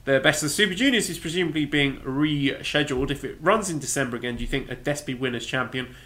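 A man's voice: fairly high pitch, fast, sharp tone. A man co-hosting a casual wrestling podcast, wryly reading out listener questions and answering them. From Britain. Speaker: podcast co-host.

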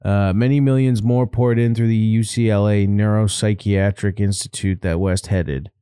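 A man's voice: on the low side, steady tone, moderate pace, mellow, clean tone, dry recording, studio quality. A man co-hosting a podcast in casual comedic chat, crude and joking, laughing often. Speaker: podcast co-host.

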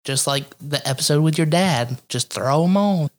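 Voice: mid-range voice, moderate pace. A podcast co-host from Ohio rambling through a casual story, cursing freely and laughing often. The delivery is loose and conversational, with fillers and restarts throughout. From Ohio, USA.

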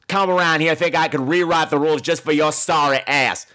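A man's voice: on the high side, steady tone, a little fast, sharp tone. A man hosting a podcast, answering voicemails in a campy, sassy and theatrical way, swearing playfully. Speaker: podcast host.

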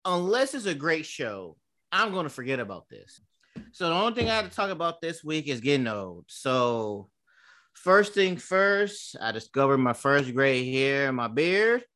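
A man in his thirties with a slightly high, sharp voice co-hosts a podcast. His casual storytelling is loose and profane, packed with fillers.

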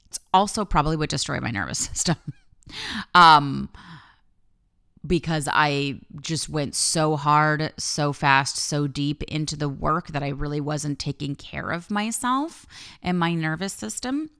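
A woman life coach and podcast host telling a personal story in a candid monologue, swearing freely and talking with lively energy. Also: sits low, a little slow, smooth.

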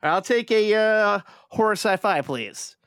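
A man's voice: sits high, animated, takes it slowly, a bit bright, clean tone, dry recording, clean studio sound. A man co-hosting a casual movie podcast, jokey and rambling, often giggling. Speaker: podcast co-host.

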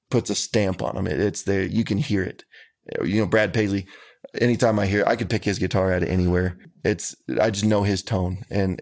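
Country singer, low steady gravelly voice, earnest and folksy. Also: male voice. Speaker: country musician. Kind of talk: interview answers.

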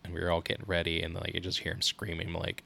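A man in his thirties co-hosts a casual parenting podcast. His voice sits very low. He tells stories in an animated way, often breaking into laughter. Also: fast talker, vocal fry, a little hiss or hum. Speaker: podcast co-host. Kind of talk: casual chat.

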